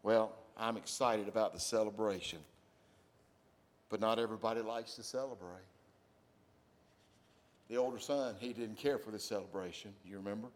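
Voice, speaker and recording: A man preaching a sermon, addressing his congregation directly with questions and swinging between loud exclamations and quiet asides. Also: lowish voice, fairly even intonation, moderate pace, pauses often.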